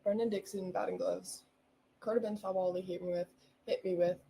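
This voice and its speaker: A woman's voice: medium pitch, fairly even intonation, fairly quick, mellow, a little hiss or hum, poor audio. A young woman hosting her own podcast alone, chatting in a bubbly, rambling way with lots of giggles. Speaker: podcast host. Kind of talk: casual solo podcast chat.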